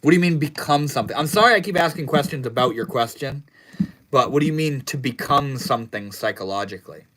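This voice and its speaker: A man's voice: lively intonation, quick pace, background noise. Laid-back young man chatting on a livestream. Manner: laid-back, slangy, trails off into low mumbles. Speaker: livestream host. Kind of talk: casual livestream chat, reading chat messages.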